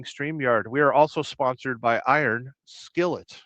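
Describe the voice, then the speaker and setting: An American truck driver hosting a casual livestream, rambling through jokes and viewer comments with a deadpan, blustery manner. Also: male voice, medium pitch, measured pace, hardly any pauses, dry recording. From United States. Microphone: livestream mic. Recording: dry, dull lo-fi stream audio.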